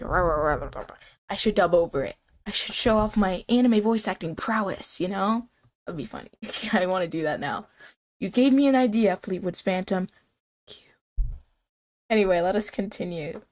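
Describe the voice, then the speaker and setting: A woman's voice: on the low side, moderate pace. A woman streaming live, chatting casually with her viewers in a rambling, playful way, often saying "like" and "dude".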